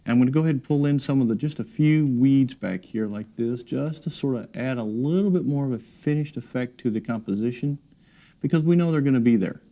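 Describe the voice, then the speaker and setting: Man painting instructor, mellow warm tone, easygoing and encouraging, studio demo. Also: mid-range voice, brisk. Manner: relaxed, encouraging, talks while working. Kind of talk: painting demonstration. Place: art studio.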